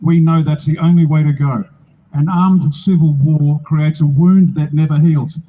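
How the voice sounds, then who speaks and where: A man's voice: fairly high pitch, fairly even intonation, normal speed, muffled recording. An older man with an Australian accent, giving a blunt, rousing, joking speech at an outdoor rally. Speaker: political speaker at a rally.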